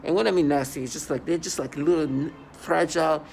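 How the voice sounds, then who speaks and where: Defiant, scornful man with a gravelly voice. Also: on the high side, fairly even intonation, a little fast, darkish tone, a little hiss or hum. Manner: defiant, scornful, repeats and restarts words. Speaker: vlogger. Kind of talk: angry personal monologue to camera. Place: at home indoors.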